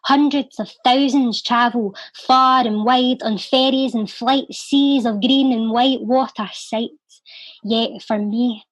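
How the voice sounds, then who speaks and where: A young Scottish woman with a Glaswegian accent, a poet and charity volunteer, chats casually and reads her poetry with a rhythmic lilt. Her voice is fairly high and steady, her pace slow, and the recording is dry.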